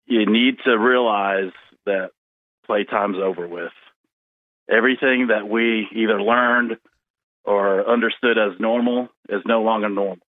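A man's voice: fairly low pitch, steady tone, unhurried, no echo. A male caller to a radio show, a Marine veteran, speaking earnestly and emphatically over a phone line. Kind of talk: phone-in call.

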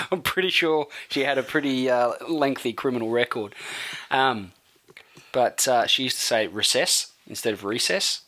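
A man with a bright, forceful voice co-hosts a casual sports chat show. He is blunt and profane and quick to throw in a joke. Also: mid-range voice. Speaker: podcast co-host.

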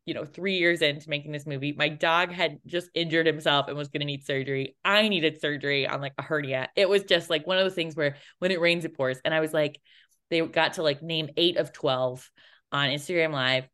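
Low-voiced woman telling a lively story. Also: fairly quick. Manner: animated, laughing, acts out voices in quotes. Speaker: interview guest, playwright and performer. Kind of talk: casual anecdotal storytelling.

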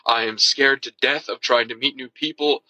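A man's voice: medium pitch, fairly even intonation, normal speed, bright, forceful tone, slightly rough, no echo, highs cut off. A man speaking earnestly and vulnerably about his fears, in a confiding monologue. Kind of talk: confessional monologue.

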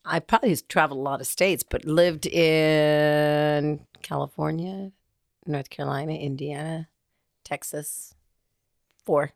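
A woman's voice: low voice, steady tone, unhurried, vocal fry, no room sound, studio quality. A middle-aged woman, a guest on a casual chat, talking a little tipsily. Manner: chatty, a little tipsy. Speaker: guest, host's mother.

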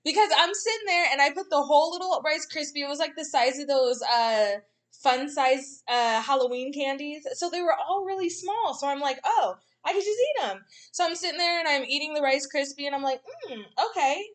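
A young woman chats casually on a podcast with a high, bright voice. She laughs through her story and slips into the voices of the people in it. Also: brisk. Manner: animated, laughing often, acts out quotes.

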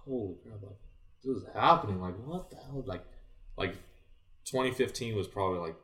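Deep-voiced young man, echoey and distant. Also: a little fast. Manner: animated, acts out his own past remarks, many "like" fillers. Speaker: podcast guest, former college baseball player. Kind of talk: casual storytelling chat. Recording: echoey room, voice distant from mic.

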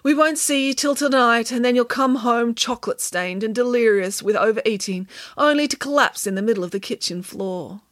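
A woman's voice: on the high side, brisk, few pauses, no room sound, clean studio sound, pitched above the performer's own voice, lightly acted. A woman voicing a weary, sensible young girl who speaks in a sighing, resigned way.

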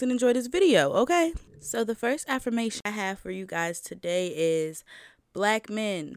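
A woman's voice: medium pitch, no room sound, clean studio sound. A woman vlogger giving a casual, emphatic motivational talk, addressing her listeners directly in slangy speech and repeating her points for stress.

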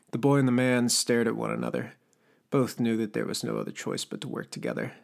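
Gravelly male audiobook narrator. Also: medium pitch, steady tone, a little fast. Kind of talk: scripted fiction narration.

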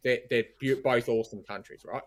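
An Australian man in a loose sports podcast debate, pushing his argument hard. His voice sits at a middling pitch, and he keeps tagging his points with a quick "right?" to pull the others along. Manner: emphatic, argumentative, leans on "right?". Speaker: podcast co-host.

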